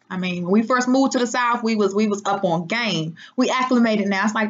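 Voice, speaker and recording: A woman's voice: fairly high pitch, brisk, few pauses, fairly bright tone. A woman from Washington, D.C., chatting casually and rambling on her livestream, using folksy slang. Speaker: livestream host. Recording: dull lo-fi sound.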